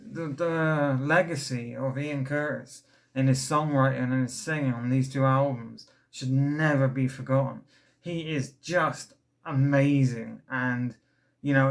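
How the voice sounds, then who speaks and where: A man's voice: mid-range voice, a bit bright. Young male record reviewer, casual and rambling, eager, slightly breathless. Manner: rambling and enthusiastic, many fillers and restarts. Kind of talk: casual album review vlog.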